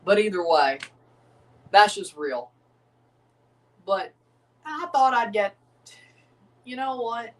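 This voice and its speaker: A man's voice: high-pitched, sing-song, takes it slowly, long pauses, fairly bright tone, far from the mic. An American man, chuckling and rambling through casual live commentary while reacting to a soccer match. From United States.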